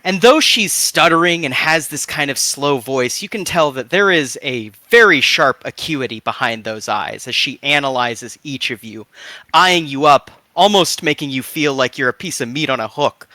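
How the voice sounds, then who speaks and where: A man narrating as game master in a relaxed, filler-heavy way, with lots of "uh" and "like". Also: mid-range voice, normal speed, no echo.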